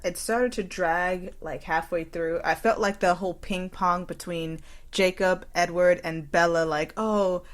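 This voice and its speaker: A woman's voice: on the low side, unhurried. Chatty woman acting out quotes. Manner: animated, acts out quotes, laughs a lot. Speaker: podcast guest. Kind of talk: casual podcast chat.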